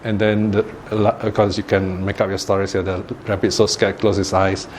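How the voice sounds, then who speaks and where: A man's voice: on the low side, flat delivery, normal speed, a little hiss or hum. A man giving a Buddhist Dharma talk, telling a fable in a chatty way, chuckling, repeating words and asking his listeners questions. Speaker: Buddhist teacher.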